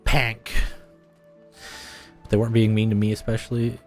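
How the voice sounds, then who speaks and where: A man's voice: fairly low pitch, monotone, moderate pace, soft background music. A man streaming a game live, chatting casually with viewers in a laid-back way and laughing often.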